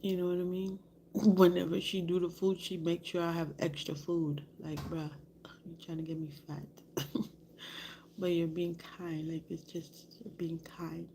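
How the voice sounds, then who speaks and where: A woman's voice: on the low side, level tone, moderate pace, dark tone, slight background noise. A woman vlogger telling a story in a candid, rambling way, often dropping to a whisper. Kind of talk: casual storytelling to camera.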